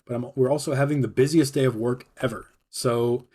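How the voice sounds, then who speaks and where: A man's voice: medium pitch, steady tone, brisk, dark tone. A man hosting his own podcast, telling a personal story in a casual, rambling way, full of fillers and laughing often. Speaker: podcast host.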